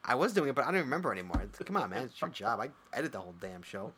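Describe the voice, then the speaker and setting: A man's voice: medium pitch, big pitch swings, very fast, hardly any pauses, bright, forceful tone, slightly rough. A man co-hosting a podcast, reading listener emails aloud and joking with his co-host, laughing often. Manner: jokey, laughs often, reads entries aloud.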